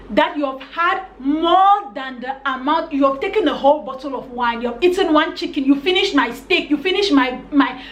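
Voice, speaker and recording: A young woman from Cameroon telling a story on her vlog in a casual, animated and exasperated way, acting out the other people in it. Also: sits high. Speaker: vlogger. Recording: echoey room with faint noise.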